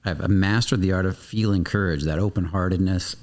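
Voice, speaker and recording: A man appears as a guest coach in an animated podcast interview, talking intensely, swearing freely and acting out little scenes of dialogue. His low voice is brisk and a little mellow.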